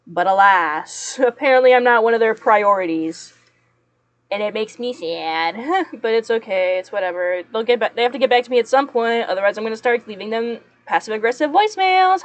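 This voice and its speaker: A woman's voice: fairly high pitch, brisk, no room sound, lo-fi sound. A young woman chatting casually to her viewers while she works, rambling and laughing often. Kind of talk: casual chat while working.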